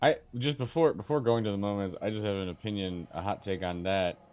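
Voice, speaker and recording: A man's voice: lowish voice, brisk, darkish tone, clean tone. A man, a tabletop game player, chatting casually, swearing and laughing with many hesitant uhs. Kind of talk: casual chat.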